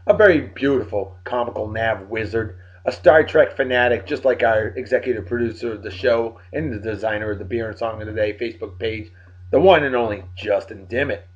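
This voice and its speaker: A tired man giving joking, animated shout-outs to friends in a casual vlog. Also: medium pitch. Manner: animated, joking sports banter. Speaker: vlog host. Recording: dull lo-fi recording.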